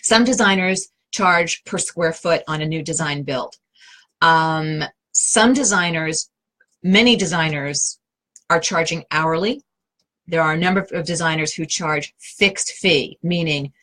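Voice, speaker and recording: A middle-aged woman with a New York accent hosts a live question session on interior design. Her voice sits slightly low, and she speaks in a chatty, direct way. She often restarts her sentences and fills pauses with "um". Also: sharp tone, rough recording. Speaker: interior design advisor and host. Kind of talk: answering viewer questions live.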